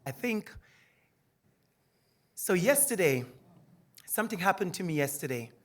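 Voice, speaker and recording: A middle-aged man with a Jamaican accent speaks on a discussion panel, animated and emphatic. He is a lecturer telling his own story with feeling. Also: sits high, unhurried. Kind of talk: personal testimony at a panel discussion.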